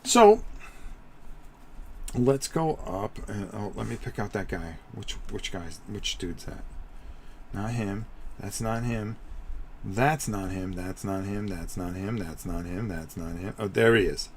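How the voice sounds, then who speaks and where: A man's voice: deep voice, a little slow, a little hiss or hum. A middle-aged man hosting a live stream, walking viewers through tabletop game rules in a rambling, chatty way and often repeating himself.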